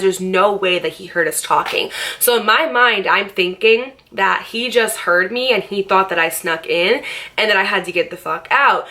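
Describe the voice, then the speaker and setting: A young woman vlogger casually telling a personal story, animated and swearing freely as she acts out what people said. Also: mid-range voice.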